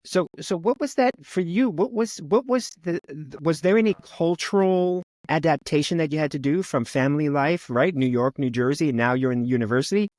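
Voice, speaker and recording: Middle-aged man, interview host and coach, relaxed questioning, dry close sound. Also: a little high, normal speed, hardly any pauses, no room sound. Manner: relaxed, warm questioning with Spanish asides.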